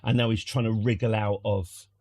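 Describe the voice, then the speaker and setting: A man's voice: lowish voice, flat delivery, moderate pace, warm tone, dry recording. A British man streaming from home, telling a casual story in a rambling, wry way with lots of restarts. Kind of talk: casual anecdote.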